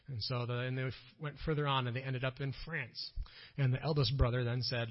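A man's voice: medium pitch, fast talker, highs cut off. A man with a Minnesotan accent, a missionary speaker telling a story to an audience in a conversational way, with many fillers and self-corrections.

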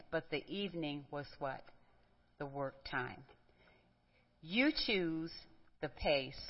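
Middle-aged woman giving a conversational teaching talk, fairly low voice, muffled hall sound. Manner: conversational, asks rhetorical questions, tells personal stories. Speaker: women's Bible teacher. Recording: dull, reverberant hall recording.

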